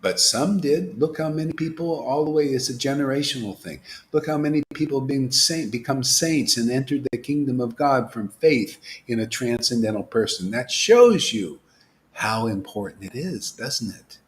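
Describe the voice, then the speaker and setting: A man giving an informal devotional sermon, asking rhetorical questions, dropping to whispers and rising to loud exclamations, laughing now and then. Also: mid-range voice, normal speed. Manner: animated, preachy, swings from hushed whispers to loud exclamations; asks rhetorical questions, laughs at his own jokes. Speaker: spiritual teacher.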